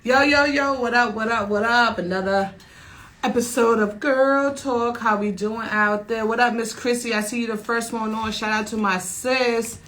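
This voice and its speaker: Loud lively radio host woman. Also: a little high, normal speed, poor audio. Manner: loud, lively, slangy hype talk. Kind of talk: casual radio chat.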